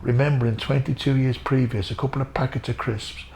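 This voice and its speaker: Gravelly Irish man telling stories earnestly. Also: mid-range voice, fairly even intonation, brisk, darkish tone, slight background noise. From Ireland. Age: middle-aged. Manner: earnest, repetitive, addresses the host by name. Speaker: interview guest, former boxer. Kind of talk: emotional storytelling.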